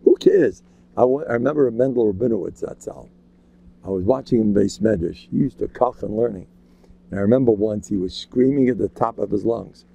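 A man giving an informal, joking religious talk, animated and acting out quotes in sudden high voices. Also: normal speed, vocal fry, no room sound, lo-fi sound. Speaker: religious lecturer. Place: local community gathering.

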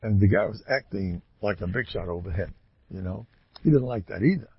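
A man giving a storytelling sermon, talking in an animated way with sudden loud, emphatic rises. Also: fairly low pitch, fairly quick, slightly rough, no room sound. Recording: dull lo-fi dry recording.

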